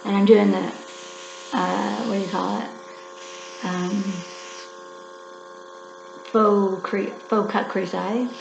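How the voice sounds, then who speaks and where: A woman's voice: mid-range voice, steady tone, takes it slowly, gravelly, pauses often, noisy background. A woman over fifty chatting casually through a makeup tutorial, rambling and talking to herself as she works. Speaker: makeup vlogger. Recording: echoey room, dull lo-fi sound.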